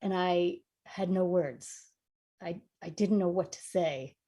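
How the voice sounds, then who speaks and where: A woman's voice: on the low side, slow. Self-mocking woman storyteller from New York. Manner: lively, self-mocking, dramatic storytelling with big swings in volume. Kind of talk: humorous personal storytelling performance.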